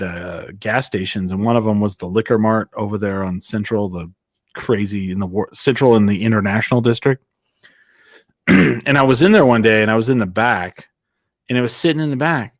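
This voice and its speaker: A man's voice: lowish voice, fairly quick, dry recording. Laid-back storytelling man, dry sound. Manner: rambling storyteller, laughs often. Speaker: podcast host. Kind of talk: casual chat.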